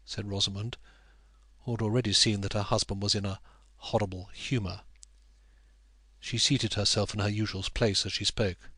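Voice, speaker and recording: A man narrating a classic novel as an audiobook reader, in a measured, even storytelling manner. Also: fairly low pitch, breathy edge, no room sound.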